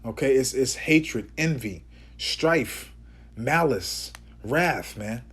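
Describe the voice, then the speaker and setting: A man teaching scripture informally, emphatic and preachy, often tagging his sentences with "man" and "okay?", and slowing down to declaim Bible verses. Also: mid-range voice, animated, a bit bright, slightly rough. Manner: reads Bible verses aloud in a slower, declaiming voice.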